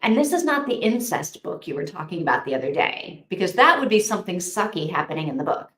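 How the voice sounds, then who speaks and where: A woman hosting a casual live reading sprint, chatting with viewers in a gushing, excitable way. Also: fairly low pitch, fast talker. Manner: gushing and excitable, with frequent "oh my gosh". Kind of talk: casual livestream chat. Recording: echoey room.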